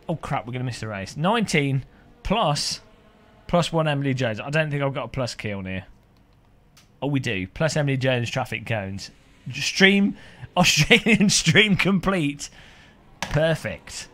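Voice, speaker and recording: Lively excitable man streaming a race. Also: mid-range voice. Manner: excitable, jokey banter with chat. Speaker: live streamer. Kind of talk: live sim racing commentary. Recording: game engine noise behind voice.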